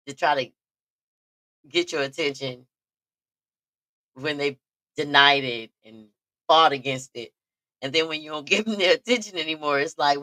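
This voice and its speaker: A woman hosts a chatty show and tells stories with lively energy, breaking into laughter often. Her voice sits a little low but sounds bright and forceful, and the recording is dry and close. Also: no echo. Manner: animated, laughs often, talks straight to listeners. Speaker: podcast host. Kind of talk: casual storytelling chat.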